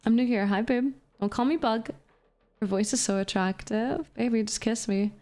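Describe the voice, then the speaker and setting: A woman's voice: a little high, moderate pace, a little mellow. A woman streamer chatting casually with her live chat while gaming, profane, playful and flirty. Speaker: VTuber streamer.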